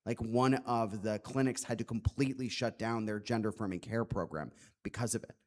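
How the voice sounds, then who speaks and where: A man's voice: lowish voice, fairly quick. A man speaking as an author at a public book talk, earnest and reflective, with many "like" fillers.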